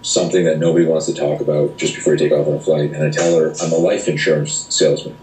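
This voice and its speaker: Middle-aged male instructor, low voice, blunt animated storyteller who swears freely; echoey room, slight hiss. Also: fast talker. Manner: animated, profane, acts out quoted voices. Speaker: self-defense instructor, interview guest. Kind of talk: casual interview storytelling. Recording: roomy echo, speaker off-mic, faint noise.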